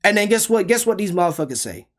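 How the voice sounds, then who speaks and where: A young man with a high-pitched voice, speaking, rants through a storytime in a casual way. He is heated and emphatic and keeps firing off rhetorical questions. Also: very animated, fast talker, a bit bright. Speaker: storyteller vlogger.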